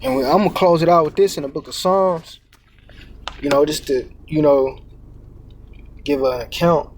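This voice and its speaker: A man with a noticeably high voice delivers a casual street-style sermon. He cusses freely, drops "man" and "you know" constantly, and stalls on stammered repeats before pushing his point. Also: normal speed, a little mellow, a little hiss or hum. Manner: casual and profane, many fillers and "man", "all right?"; repeats words while searching, stammering restarts. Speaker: preacher.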